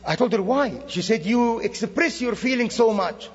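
A man's voice: very high voice, moderate pace, slightly rough. A man from the Middle East preaching as a guest speaker, telling stories animatedly with acted-out dialogue. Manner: animated storytelling with quoted dialogue. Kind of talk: sermon. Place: church sanctuary. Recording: dull lo-fi recording in a reverberant hall.

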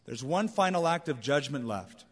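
Male pastor, sermon, slightly high voice, conversational and emphatic, long hall reverb. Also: lively intonation, normal speed, husky. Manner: conversational, emphatic preaching with anecdotes. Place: large church auditorium.

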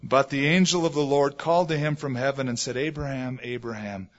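A middle-aged man preaching a sermon, telling stories and swinging between loud stresses and hushed asides. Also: fairly high pitch, fast talker. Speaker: pastor. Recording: dull lo-fi sermon recording.

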